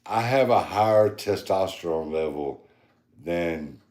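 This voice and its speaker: Man, deep voice, boastful, rambling, casual podcast chat, roomy echo. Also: animated, unhurried, darkish tone. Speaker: podcast co-host. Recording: echoey room.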